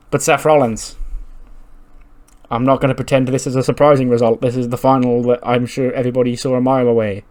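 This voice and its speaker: A man giving casual, excitable commentary on a simulation game, chatty and swearing now and then. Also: mid-range voice. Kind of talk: casual video game let's play commentary.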